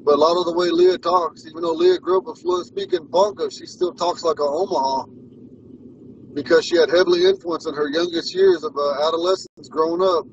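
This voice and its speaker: A man's voice: on the high side, animated, brisk, slight background noise. Man telling stories, far off mic. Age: 40s. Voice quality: rambling, repeats himself and restarts. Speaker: language teacher. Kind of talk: casual storytelling lesson. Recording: muffled sound from far off the mic.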